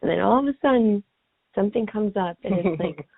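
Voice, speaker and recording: A woman's voice: medium pitch, expressive, brisk, vocal fry, slightly rough, no echo. A woman guest talking casually and reflectively, thinking aloud and often saying "like". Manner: rambling, reflective, many "like" fillers. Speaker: podcast guest. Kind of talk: casual chat. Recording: tinny phone-like line.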